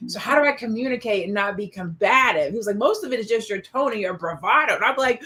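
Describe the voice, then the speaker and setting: Woman host, bright voice, animated, opinionated, casual chat. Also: fairly high pitch, fast, few pauses. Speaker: podcast host. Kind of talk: casual discussion show.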